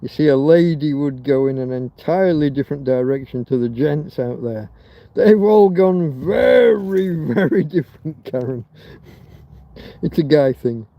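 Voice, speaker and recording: A man's voice: a little high, lively intonation, a little slow, no echo, muffled recording. A man from Britain hosting a rambling livestream chat, crude and joking, swearing freely. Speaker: livestream host. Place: outdoors in a field in Spain.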